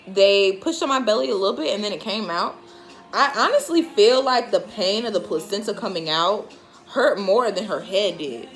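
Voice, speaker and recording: A woman in her twenties casually telling viewers a story, frank and animated, often laughing and acting out what other people said. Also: medium pitch. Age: 20s. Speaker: vlogger and new mother.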